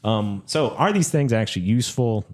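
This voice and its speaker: A man's voice: on the low side, lively intonation, normal speed, darkish tone. A man co-hosting a podcast, telling a history story in casual chat with many fillers and restarts. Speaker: podcast co-host.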